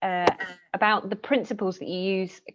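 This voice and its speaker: A woman's voice: medium pitch, level tone, moderate pace. A woman moderator reading out audience questions over a video call, slightly hesitant. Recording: dull lo-fi line with faint noise.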